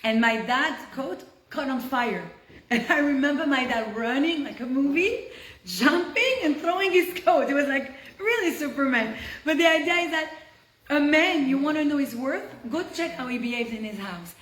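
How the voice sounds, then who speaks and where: A fairly high-pitched woman gives a Torah lesson over a video call and tells the story in an animated way. She turns hushed at the tense moments, and her voice carries a roomy echo. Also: normal speed, slight background noise. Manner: animated storyteller, drops to hushed tones for tension. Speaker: Torah teacher.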